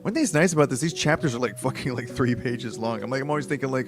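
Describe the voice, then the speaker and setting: A man's voice: mid-range voice, fast, few pauses, over music. A tired man reading a book aloud on a stream, rambling, swearing and joking at himself. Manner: rambling, swearing, self-mocking. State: tired late at night. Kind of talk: casual reading stream commentary.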